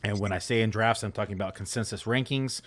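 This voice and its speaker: A man's voice: lowish voice, fast, a bit bright. A man co-hosting a fantasy football show in a casual, rambling way with plenty of fillers. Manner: laid-back, rambling with many fillers. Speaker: fantasy football analyst co-host. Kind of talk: casual podcast chat.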